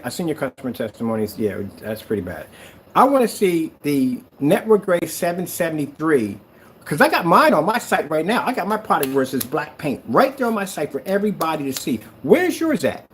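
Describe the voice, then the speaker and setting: Man ranting on camera, mocking and sarcastic, lively pitch, light hiss behind. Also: fairly quick. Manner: taunting, sarcastic, rambling. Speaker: screen paint maker. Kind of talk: mocking online rant.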